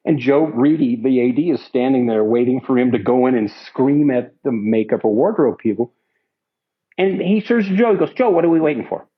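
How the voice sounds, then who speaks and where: A man's voice: mid-range voice, expressive, normal speed, husky, highs cut off. A middle-aged man, a film crew veteran, telling rambling anecdotes in an interview with lots of restarts and asides. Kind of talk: anecdotal storytelling.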